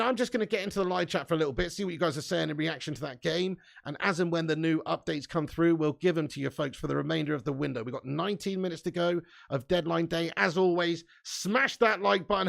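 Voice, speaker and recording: Hosting a fan-channel live stream, a young man reads viewer comments out loud in a relaxed chat. His voice is gravelly and slightly high, with a loose, laddish delivery that includes laughter and the occasional swear word.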